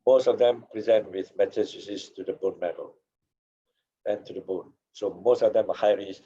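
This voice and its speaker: Hoarse low-voiced lecturer, muffled. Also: male voice, steady tone, moderate pace, dark tone. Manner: accented English, drops "okay" and "yeah" tags. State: losing his voice. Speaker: paediatrics lecturer. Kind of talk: teaching a seminar.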